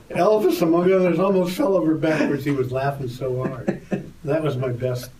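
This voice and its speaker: An older man tells a story with lively energy and lifts his voice for the quoted lines. He sounds set back from the mic in an echoey room. There is a faint hum of ambience behind him. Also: a little high, normal speed, far from the mic. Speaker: interview guest, tour photographer. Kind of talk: animated anecdote storytelling.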